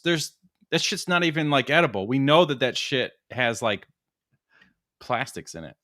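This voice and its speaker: Bright, dry-sounding man in casual chat. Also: mid-range voice, animated, moderate pace, dry recording. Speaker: co-host.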